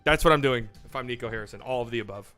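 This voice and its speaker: Bright-voiced excitable male stream host. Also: mid-range voice, very fast, clean tone, faint music behind. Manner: excitable and profane, acting out mock phone calls. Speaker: livestream host. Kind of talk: casual livestream commentary.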